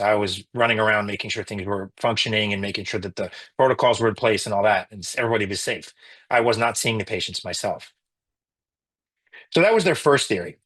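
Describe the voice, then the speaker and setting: A middle-aged man speaks in an interview about what happened to him, with a husky, slightly breathy voice at an ordinary pitch. He is earnest and often restarts his sentences, and his indignation rises as he goes. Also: a bit bright. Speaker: emergency physician and interview guest. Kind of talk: emotional personal account in an interview.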